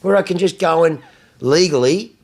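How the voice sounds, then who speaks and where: A man's voice: fairly high pitch, moderate pace. An Australian man hosting a podcast, chatting casually and rambling through profane stories with laughter. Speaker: podcast host. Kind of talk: casual chat.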